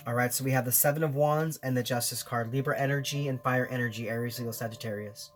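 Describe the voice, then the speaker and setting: A man's voice: mid-range voice, fairly even intonation, fast, few pauses, noisy background. A man giving a weekly tarot reading to camera in an earnest, encouraging way, often repeating phrases for emphasis. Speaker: tarot reader.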